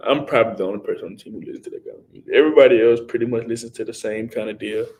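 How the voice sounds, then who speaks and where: A man's voice: medium pitch, rapid-fire, darkish tone. A young man, casually chatting on his livestream and answering viewers by name. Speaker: livestream host, college football player. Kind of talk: casual livestream chat reading viewer comments.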